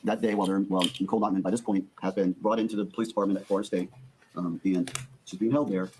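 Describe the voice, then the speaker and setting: Fast-talking man giving a courtroom opening statement. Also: sits low, steady tone, background noise. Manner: briskly acts out quoted dialogue. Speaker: prosecutor.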